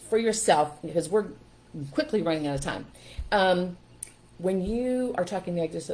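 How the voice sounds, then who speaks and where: A middle-aged woman with a fairly low voice talks earnestly on a live stream, coaching parents. She chats casually and greets her viewers. A faint noise sits under the recording. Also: gravelly, darkish tone, low-quality recording. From Pennsylvania, USA.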